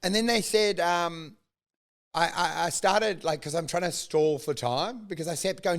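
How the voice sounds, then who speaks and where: Brief: guy, high voice, animated anecdote, casual podcast chat. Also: unhurried, gravelly. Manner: animated anecdote teller, acts out quotes.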